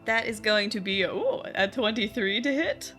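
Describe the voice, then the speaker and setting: Giggly woman playing a tabletop game, bright voice that bounces all over. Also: mid-range voice, animated, moderate pace, faint music behind. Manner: giggly and playful. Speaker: player. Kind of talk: casual tabletop play.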